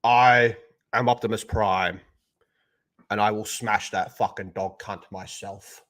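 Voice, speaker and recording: Aussie man doing a gruff robot hero voice. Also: on the low side, steady tone, slow, fairly bright tone, voice pushed down. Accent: Australian.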